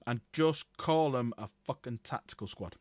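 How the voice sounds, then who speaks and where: A man's voice: mid-range voice, moderate pace, dry recording. Chatty swearing man painting. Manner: chatty, rambling, swears freely. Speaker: painting livestream host. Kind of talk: casual chat while painting models.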